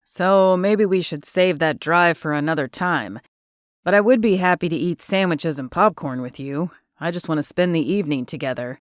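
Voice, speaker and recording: A woman narrator voicing a gentle, easygoing young male cowboy in an audiobook, her voice dropped a little lower. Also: normal speed, no echo, studio quality, natural voice. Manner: gentle, relaxed drawl-free talk. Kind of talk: audiobook character voice.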